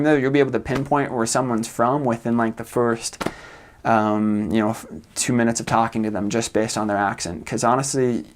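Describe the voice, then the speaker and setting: A young American man in his twenties, a returned missionary, giving a casual informational talk with lots of fillers and frequent chuckles. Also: mid-range voice. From United States. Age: 20s. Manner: relaxed, many fillers, chuckles often.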